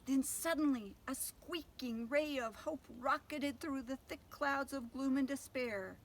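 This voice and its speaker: An older woman reading a picture book aloud to children, gentle and pausing to ask them questions. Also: high-pitched, slight background noise. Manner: gentle, asks listeners questions. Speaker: storyteller.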